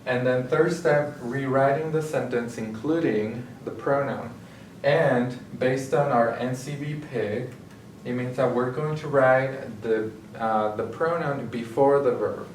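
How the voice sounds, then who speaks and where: A man's voice: mid-range voice, slow pace. A man explaining grammar step by step in a recorded lesson as a tutor, often checking in with "okay?". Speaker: Spanish tutor. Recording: echoey room, mic at a distance, faint hiss.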